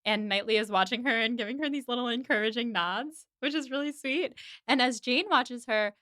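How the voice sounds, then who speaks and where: A woman hosting a podcast, recapping an episode in a casual, animated way with quick voiced asides. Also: a little high, dry recording, clean studio sound. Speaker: podcast host.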